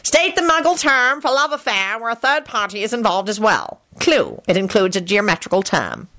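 A woman's voice: mid-range voice, sing-song, normal speed, a bit bright, voice pushed up. A woman reading aloud voices a magic card speaking in a nasal man's voice. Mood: quizzing.

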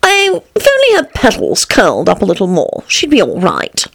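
A woman's voice: mid-range voice, wildly swooping pitch, moderate pace, gravelly, breathy edge, full character voice. A woman voicing a proud, bossy talking flower in a storybook reading, with a haughty, commanding, impatient manner.

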